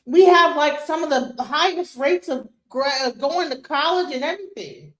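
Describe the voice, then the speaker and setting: A woman's voice: high voice, moderate pace. A middle-aged woman hosting a livestream, ranting in a heated, profane way and firing off rhetorical questions. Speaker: streamer host. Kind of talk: livestream commentary reacting to a clip. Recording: roomy echo.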